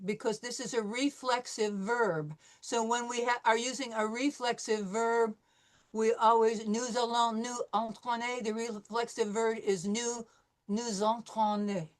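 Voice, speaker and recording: A woman teaching French in a class lecture, explaining patiently and often checking in with "okay?". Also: medium pitch. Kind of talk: online language class lecture.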